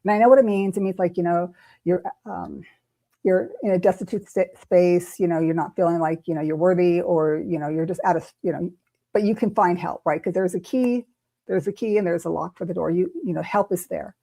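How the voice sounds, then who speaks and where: A tarot reader with a lowish, creaky, warm voice speaks fairly quickly as she tells a personal story on a talk stream. Tearful at the start, she rambles emotionally and keeps restarting.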